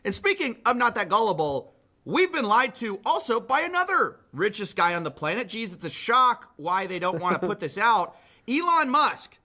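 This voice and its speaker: A man's voice: high-pitched, very animated, normal speed, pushed and bright. A man hosting a commentary show, reading out reports and quotes with sardonic asides. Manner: sardonic, reads quotes aloud. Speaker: commentary host.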